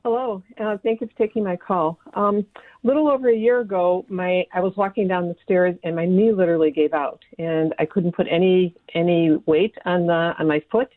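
A woman's voice: lowish voice, fairly even intonation, fairly quick, no echo. A woman calling a radio show, politely and hesitantly describing a knee injury. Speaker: caller. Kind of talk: radio call-in question. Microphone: phone line. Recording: tinny phone line.

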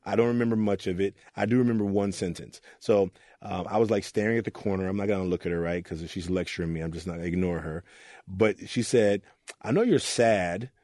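Low mellow guy talking straight from the heart, mentor type, dry close sound. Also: fairly even intonation, fast, no room sound. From Oakland, California. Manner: earnest, acts out voices in his stories. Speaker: youth mentor. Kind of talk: candid interview storytelling.

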